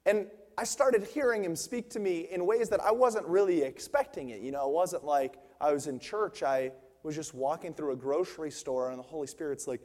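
A young man, his voice a little high and darkish, preaches on stage at normal speed with few pauses. The large church hall gives long reverb as he moves from personal stories into fervent, emphatic preaching.

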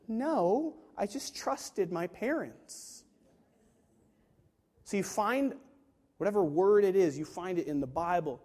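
Guy preaching a sermon, high voice, fires off rhetorical questions, big echoey hall. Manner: emphatic, rhetorical questions, acts out quoted voices. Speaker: pastor. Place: large room with a live congregation. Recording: long hall reverb.

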